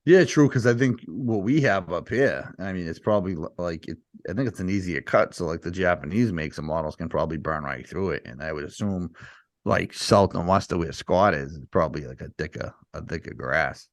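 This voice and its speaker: A man's voice: low-pitched, a little fast, no echo. A man from the Midwest telling stories in casual chat, swearing and laughing often. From Midwest, Missouri.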